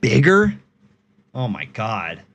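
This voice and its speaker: A man's voice: mid-range voice, wildly swooping pitch, slow pace, a bit bright, breathy edge. Laid-back, swearing man streamer. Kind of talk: casual chat with viewers.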